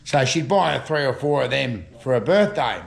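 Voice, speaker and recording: A man's voice: medium pitch, lively intonation, normal speed, creaky. An older Australian man telling rambling, chuckling stories at home in casual slang. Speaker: storytelling vlogger. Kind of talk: casual yarn-spinning.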